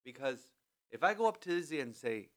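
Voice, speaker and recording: A man hosting a podcast in a studio, talking through a scripture passage in a relaxed, chatty way with many restarts. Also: mid-range voice, a little fast. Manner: animated, lots of restarts and "you know". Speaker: podcast host. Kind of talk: conversational scripture commentary. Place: studio in a building with thin walls.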